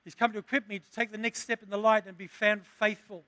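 A man's voice: high voice, little pitch movement, fast, pushed and bright, dry recording. A man preaching a sermon, asking the congregation questions and building to emphatic lines. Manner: call-and-response preaching, rising to emphatic.

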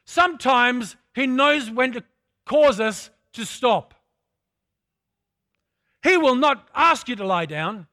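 A man's voice: extremely high pitch, expressive, takes it slowly, pauses often, pushed and bright, dry recording, clean studio sound. A man preaching a sermon, repeating phrases for emphasis and calling out to his congregation.

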